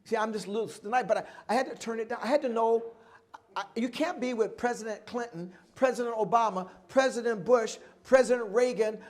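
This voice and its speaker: A middle-aged man telling stories at a live oral history event, animated, acting out voices and rhythms as he goes. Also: very high-pitched, fairly quick. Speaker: guest speaker.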